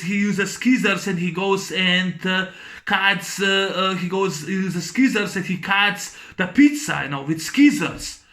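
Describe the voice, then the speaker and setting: Man, bright high-pitched voice, excitable rambling fan reviewer. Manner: rambling, excited, many restarts and fillers. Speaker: YouTube film reviewer. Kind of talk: casual movie discussion.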